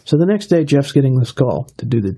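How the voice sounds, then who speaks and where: A man's voice: medium pitch, fast, slightly rough. A man telling a long anecdote on a radio show, laughing often and acting out the voices of the people in it. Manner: lively storyteller who laughs often and acts out quotes. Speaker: radio guest.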